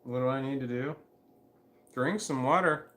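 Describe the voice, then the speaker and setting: A middle-aged man livestreams from a home room with a fan running, his mid-range voice bright-ish, moderately paced, and roomy. He rambles casually to himself, meandering and correcting himself, chuckling, and coughing repeatedly.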